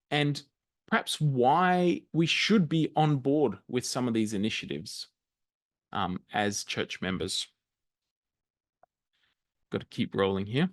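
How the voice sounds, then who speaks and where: A man's voice: medium pitch, no room sound, studio quality. A middle-aged man with an Australian accent presents a church news webinar over a video call, talking conversationally with frequent ums and restarts.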